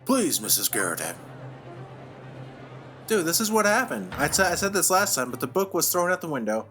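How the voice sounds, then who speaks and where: A chatty man doing excitable commentary over a video game. His voice sits a little high and sounds bright and forceful. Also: quick pace, faint music behind. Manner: excitable, chatty, says dude. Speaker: let's play host.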